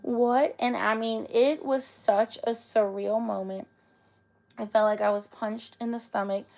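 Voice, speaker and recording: A woman's voice: medium pitch, steady tone, unhurried, vocal fry, a little mellow. A young woman earnestly telling viewers a personal story on a livestream. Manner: earnest, emotional retelling, talks straight to viewers. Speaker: live streamer.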